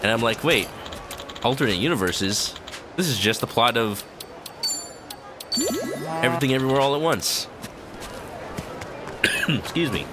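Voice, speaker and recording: A man's voice: medium pitch, expressive, a little slow, long pauses. A man streaming a video game, chatting casually in a rambling way full of "like" fillers. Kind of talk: casual chat while playing a video game. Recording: clear game music underneath. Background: game music.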